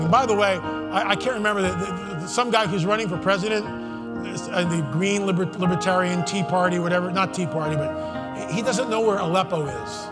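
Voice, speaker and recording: A man's voice: high-pitched, normal speed, long reverb tail, loud music behind the voice. A man giving an impassioned conference talk from a stage, fervent and emphatic, with many asides and restarts. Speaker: conference speaker.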